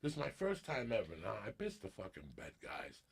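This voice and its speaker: A man's voice: lowish voice, fairly quick, gravelly, slightly rough. A man in his fifties from New Jersey, telling a story on a podcast, swearing freely and acting out the people in it. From New Jersey, USA. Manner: profane, animated, acts out quotes. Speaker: podcast guest.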